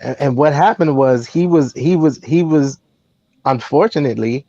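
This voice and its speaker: A man's voice: on the high side, moderate pace, warm tone, dull audio. A man on a casual talk show making his point emphatically, often repeating words as he goes. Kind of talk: casual chat.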